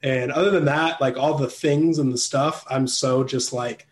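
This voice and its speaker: A young man chatting as a guest, loose and rambling, leaning on "like" and "you know" and breaking into laughs. His voice sits at an ordinary middle pitch. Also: fairly even intonation, moderate pace. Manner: rambling, filler-heavy, laughs often. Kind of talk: casual interview chat.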